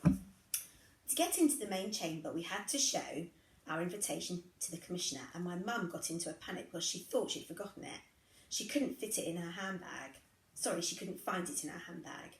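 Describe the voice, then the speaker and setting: A woman reading a first-person story aloud in an expressive, conversational way. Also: on the low side, moderate pace, reverberant, rough recording. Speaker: reader.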